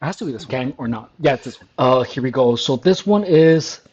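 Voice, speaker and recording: Man, mid-pitched voice, mocking commentary, crude jokes, frequent laughter, stumbling restarts. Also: expressive, a little fast, darkish tone, slightly rough, highs cut off. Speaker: commentary vlogger reacting to comments.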